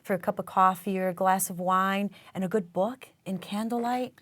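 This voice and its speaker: A woman's voice: medium pitch, fairly even intonation, normal speed, dry recording. A woman in her forties co-hosting a casual talk show, telling stories in a gushing, emotional way. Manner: gushing, emotional, warm storytelling. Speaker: co-host.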